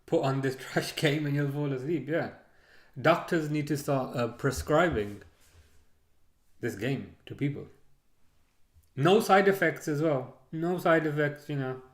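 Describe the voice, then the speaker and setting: A man's voice: on the high side, measured pace, pauses often. A man streaming a live football watchalong, chatting casually and ranting with many restarts. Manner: rambling, excitable rants with repeated restarts.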